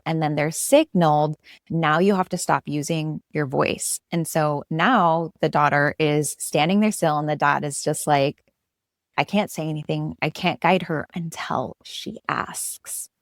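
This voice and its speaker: Lady podcast host, lower voice, tells stories all animated, dry close mic. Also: no echo. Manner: animated storyteller, acts out quotes. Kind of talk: casual interview chat.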